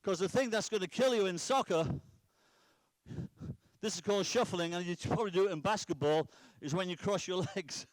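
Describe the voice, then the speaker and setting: A man's voice: high voice, moderate pace, dry recording. A middle-aged man from Britain, a soccer coach calling out instructions during a drill demonstration. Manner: directive, instructive, calls out drills.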